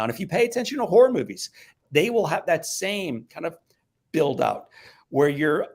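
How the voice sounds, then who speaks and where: A man from the American Midwest speaks as a guest, telling an animated personal anecdote that moves between loud exclamations and near whispers. His voice is slightly high and his pace moderate.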